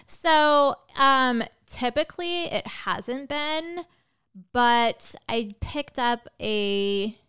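A woman guest in a casual podcast chat, rambling and animated, full of "like" fillers. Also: high-pitched, clear, resonant tone. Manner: rambling, heavy use of "like" fillers; animated, quick bursts of excitement.

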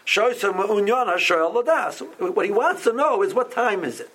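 A man leading an informal Torah class, often restarting phrases and growing lively as he explains. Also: high-pitched, normal speed, slightly rough.

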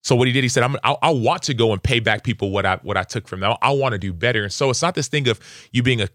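A young adult man, a football player, telling earnest, animated stories as a podcast guest. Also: medium pitch, racing, no room sound, studio quality. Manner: earnest, animated, lively acted-out quotes. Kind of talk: conversational interview storytelling.

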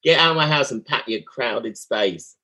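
A man's voice: medium pitch, lively intonation, normal speed, sharp tone. A man from England, hosting a podcast interview in a playful, quizzing way with frequent laughter. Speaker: podcast host. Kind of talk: casual interview chat.

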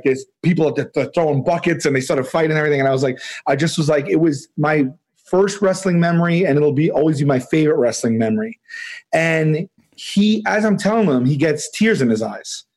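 A man in his forties, a podcast guest, telling a story in a rambling, animated way, with many restarts and laughs. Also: on the high side, a little fast. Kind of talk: casual storytelling.

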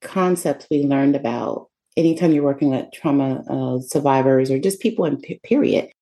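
A woman's voice: rumbling low, moderate pace, mellow. A woman hosting an interview, who talks thoughtfully and explains a point before asking her question. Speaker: podcast host. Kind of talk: conversational interview.

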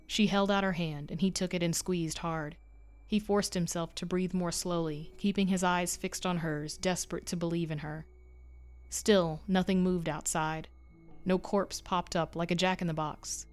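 A woman narrating a horror short story with measured, suspenseful delivery. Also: fairly low pitch, fairly even intonation. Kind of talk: scripted narration.

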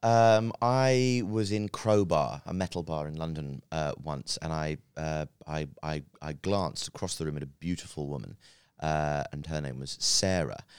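Deep-voiced man rambling through a story. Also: a little slow, hardly any pauses, smooth, no echo, studio quality. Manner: rambling, hesitant with many fillers. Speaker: podcast guest, comedian. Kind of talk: casual storytelling chat. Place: podcast studio.

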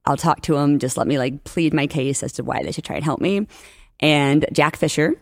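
A young woman from New Orleans, a podcast guest, telling lively stories in casual chat and acting out the lines of the people she quotes. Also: low-pitched, normal speed, no room sound, clean studio sound. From New Orleans, USA. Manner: animated storyteller, acts out quotes, laughs often.

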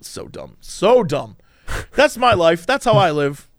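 A man hosting a casual chat, spinning a story in a high, lively voice that leaps up and down. He acts out the people he quotes in sudden bursts. The sound is dry and close. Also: slow pace, no echo. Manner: animated storyteller, acts out quotes with big pitch jumps. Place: Los Angeles.

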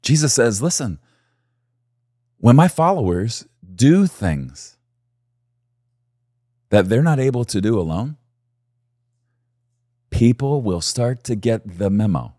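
A man preaching a sermon, animated and repeating key phrases for emphasis. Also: mid-range voice, takes it slowly, long pauses, dry recording, studio quality. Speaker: pastor.

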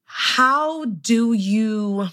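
A woman's voice: on the high side, very slow, fairly bright tone. A woman hosting a podcast interview, effusive and encouraging toward her guest. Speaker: podcast host.

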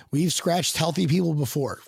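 A man with a raised, gravelly voice chats about a game, excitable and rambling. He laughs easily and trips over his own sentences. The sound is dry and close. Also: a little high, no room sound. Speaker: podcast host. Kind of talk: casual sports chat.

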